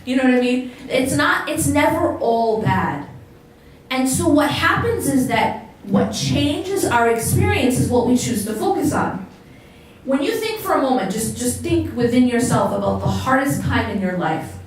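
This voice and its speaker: A woman's voice sits high and sounds expressive as she speaks at a moderate pace, lecturing on religion to a live crowd. She keeps it conversational and questions her listeners. The recording is echoey, distant, and carries faint noise.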